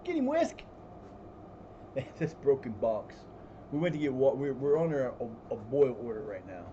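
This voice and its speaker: A man spins long, rambling stories on a live stream, his voice mellow and darkish. He restarts sentences often and swears freely. The audio is slightly dull, with a faint hiss behind him. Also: medium pitch, normal speed. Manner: baby talk to his cat. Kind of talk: casual storytelling while gaming.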